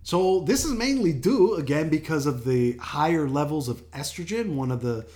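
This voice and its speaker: An older man talks through a casual health show, chatty and easygoing, laughing often between fillers and restarts. His voice sits a little higher than most men's. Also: expressive, moderate pace, a little mellow. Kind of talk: casual talk-show monologue.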